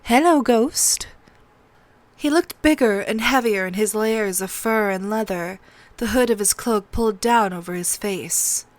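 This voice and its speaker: A woman reads a novel aloud for a read-along. Her voice sits at a middling pitch, and her storytelling stays steady and even. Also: normal speed, no room sound. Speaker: narrator.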